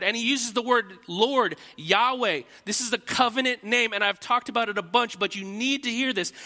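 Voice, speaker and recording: A man preaching a sermon from the pulpit, his voice pitched high and edged with a bright, forceful tone. He pushes hard on key points, then pulls back to near-hushed, personal asides. A long hall reverb trails every phrase. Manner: swings between loud emphatic preaching and quiet intimate asides. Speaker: pastor.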